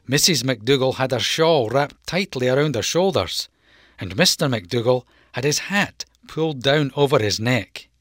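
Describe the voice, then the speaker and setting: A storyteller reading a children's storybook aloud in a slow, expressive way. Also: medium pitch, no room sound, clean studio sound.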